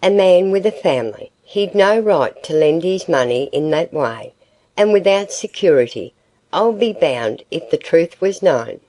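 A woman reading the part of a sharp-tongued, severe matron who judges curtly and with decision. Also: fairly low pitch, expressive, a little slow. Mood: severe disapproval. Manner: curt, decisive, disapproving.

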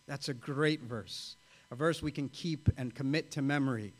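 A male pastor preaching a sermon, earnest and emphatic, repeating key phrases and building to excited exclamations. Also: mid-range voice, moderate pace.

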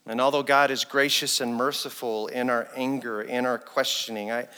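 Male pastor, bright, forceful sermon delivery, echoing church hall. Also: mid-range voice, normal speed, clean tone. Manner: animated preaching, acting out quoted speech. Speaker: associate pastor. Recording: long reverb in a church hall.

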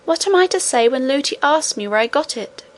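A woman's voice: sits high, animated, brisk, pitched above the performer's own voice. A woman reading aloud voices an eager, polite little princess girl who asks questions in a wondering, breathless way. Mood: anxious.

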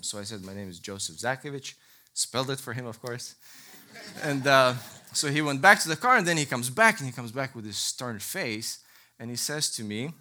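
A male preacher with a strikingly bright, clear-edged voice delivers a sermon. He teaches in an earnest, emphatic way and slips easily into lively storytelling. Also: mid-range voice, moderate pace.

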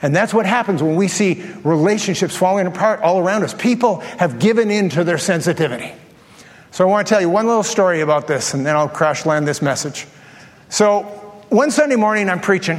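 A man preaching a sermon as pastor, telling a story with lively, acted-out asides to his congregation. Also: sits high. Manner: animated storytelling, acts out his own thoughts. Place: large church hall. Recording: long hall reverb.

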